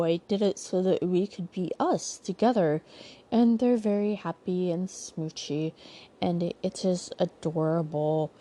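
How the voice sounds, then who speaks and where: A woman's voice: medium pitch, warm tone. A young woman hosting a casual recap podcast, chatty and full of sarcastic asides. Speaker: podcast host recapping a TV show.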